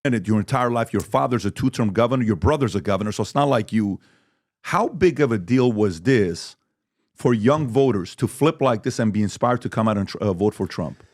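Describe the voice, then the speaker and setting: A man hosting an interview, asking animated questions and acting out what other people say. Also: on the low side, brisk, no echo, studio quality.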